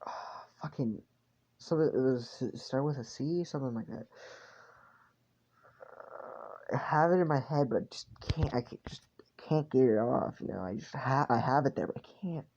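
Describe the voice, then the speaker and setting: A man's voice: medium pitch, moderate pace, long pauses, darkish tone, lo-fi sound, a little hiss or hum. A tired man narrating a fan story in a casual, rambling way, full of fillers and swearing.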